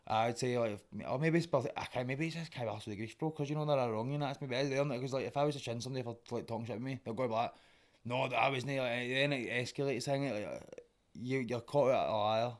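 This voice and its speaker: A man's voice: mid-range voice, fast talker. A young man with a Glaswegian accent, a guest in a casual podcast conversation, rambling and swearing as he talks. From Scotland.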